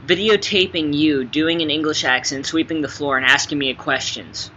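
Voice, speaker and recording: A young man answers light interview questions, playful and joking, dropping to quiet asides and then bursting out loud. His voice is bright and forceful. The recording sounds slightly dull, with a faint hiss behind it. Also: fairly high pitch, steady tone, moderate pace. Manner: playful, jokey, swings between soft asides and loud bursts. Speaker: interviewee, actor. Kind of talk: casual fun interview.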